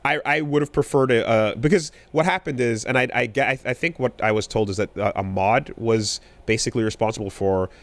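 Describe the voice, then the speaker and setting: A man co-hosting a podcast in casual chat, talking in a rambling, animated way with many fillers and restarts. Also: mid-range voice, brisk, few pauses, dry recording. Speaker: podcast co-host.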